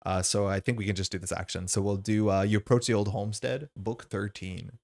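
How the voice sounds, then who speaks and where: A man's voice: fairly low pitch, fairly even intonation, a little fast, vocal fry, darkish tone. A man playing a card game on stream, thinking aloud as he explains the rules and his choices in a casual way.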